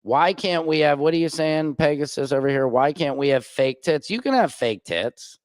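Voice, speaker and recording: A man hosting a livestream and talking in a crude, rambling, profane way, with big swings in pitch. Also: moderate pace, no room sound, studio quality. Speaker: streamer host. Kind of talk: casual livestream monologue.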